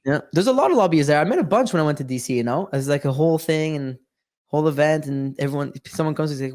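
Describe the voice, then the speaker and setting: A man's voice: on the high side, quick pace, darkish tone. A man hosting a casual livestream, talking in a loose, slangy way with lots of fillers. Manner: loose, slangy, restless talk with many fillers. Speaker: host.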